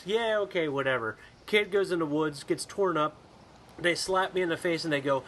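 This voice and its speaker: A man co-hosting a podcast in casual chat, telling animated, profane stories and acting out other voices. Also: on the high side, fairly quick, a little hiss or hum. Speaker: podcast co-host. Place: home.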